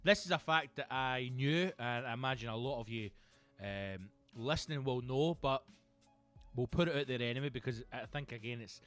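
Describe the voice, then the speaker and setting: A man with a Glaswegian accent, a comedian hosting his own show, delivering a profane, animated comic monologue. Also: medium pitch, moderate pace, soft background music. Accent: Scottish, Glaswegian. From Scotland. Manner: animated, sweary, acts out characters. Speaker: comedian and podcast host.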